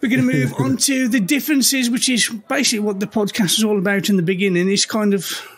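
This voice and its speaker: A man hosting a podcast with a laid-back, rambling, sweary manner. His voice sits notably high for a man. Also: fairly even intonation, fast talker, slightly rough. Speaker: podcast host. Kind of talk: casual chat.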